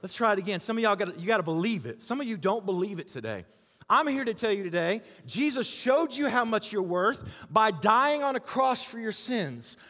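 High-voiced energetic male pastor preaching. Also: brisk, big-room sound. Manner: energetic, calls for audience responses. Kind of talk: sermon. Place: church hall.

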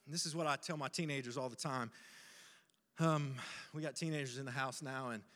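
A middle-aged male pastor preaching a dramatic, impassioned sermon, moving between loud pleas and hushed pauses. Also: medium pitch, fairly even intonation. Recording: long hall reverb.

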